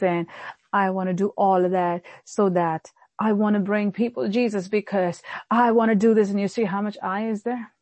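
A woman pastor preaching a sermon in an animated way, often acting out the voices of people she quotes. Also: medium pitch, fairly quick, dry recording.

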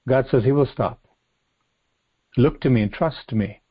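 A man preaching a sermon, reading scripture aloud and explaining it earnestly, slowing down and repeating phrases for emphasis. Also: medium pitch, breathy edge, muffled recording. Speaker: pastor. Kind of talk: sermon, expository Bible teaching.

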